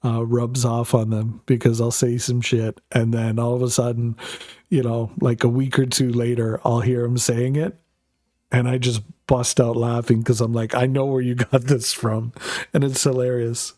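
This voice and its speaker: Casual swearing streamer. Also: male voice, medium pitch, flat delivery, moderate pace, mellow, dry recording, clean studio sound. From North America. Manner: rambling, laughing, swearing freely. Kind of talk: casual chat while streaming.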